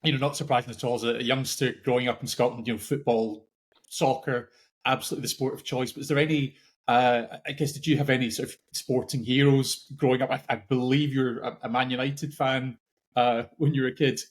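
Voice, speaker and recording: Male co-host, mid-pitched voice, careful questions. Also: steady tone, brisk. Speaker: podcast co-host. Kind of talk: interview questions.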